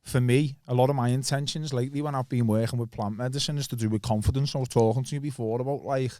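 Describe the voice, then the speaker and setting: A man, a podcast guest, explaining at length in a calm, casual way with many restarts. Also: medium pitch, fast, no room sound. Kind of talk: casual chat.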